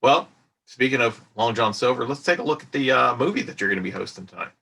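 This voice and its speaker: A man's voice: mid-range voice, lively intonation, quick pace, gravelly, bright, forceful tone, slightly rough. A man interviewing a guest in a casual, easygoing chat.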